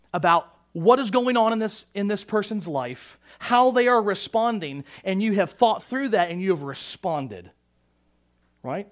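A man preaching a sermon as pastor, impassioned, swinging from shouted declarations to hushed, low passages, often repeating words as he starts a sentence.

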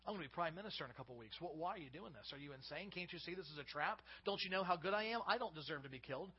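A man voicing an imagined prophet who complains and pleads with a king, in a quick, lowered voice. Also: expressive, husky. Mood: indignant. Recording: slightly dull lo-fi recording.

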